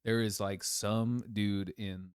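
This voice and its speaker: A man's voice: on the low side, takes it slowly, clean tone, no room sound, studio quality. A young man, telling crude stories in a casual podcast chat. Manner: crude, animated storyteller, swears a lot. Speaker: podcast co-host.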